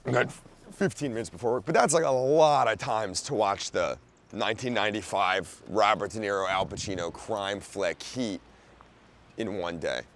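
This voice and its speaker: Slight background noise sits under a young Philadelphia-area podcast host as he rants comedically about a movie at a moderate pace, his pitch fairly low. He rambles loosely, restarting often, leaning on fillers, and erupting into sudden loud outbursts.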